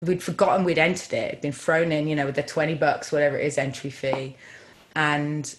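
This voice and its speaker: A woman film director telling a story in a casual interview, chatty and animated, full of fillers. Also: low voice, a little fast.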